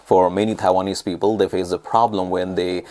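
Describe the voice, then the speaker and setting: An Indian-accented man teaching English, reading a passage aloud at a brisk, lilting pace. His voice sits on the lower side, and it jumps up in pitch on each new point. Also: little pitch movement, a little mellow. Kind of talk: lesson with read-aloud passage. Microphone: recorded voice-over on screen capture.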